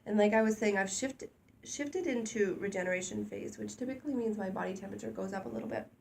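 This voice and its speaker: A woman co-hosting a casual talk show, candid and animated, speaking openly and getting louder when she is excited. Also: mid-range voice, fast talker, gravelly, a little hiss or hum. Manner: candid, animated, self-deprecating, gets loud when excited. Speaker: co-host. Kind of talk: casual conversational podcast chat.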